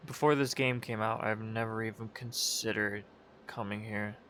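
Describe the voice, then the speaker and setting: With a lowish, slightly bright voice and a steady tone at normal speed, a young gaming video creator gives sleepy, rambling commentary during a flight game. He often corrects himself, and slight background noise can be heard.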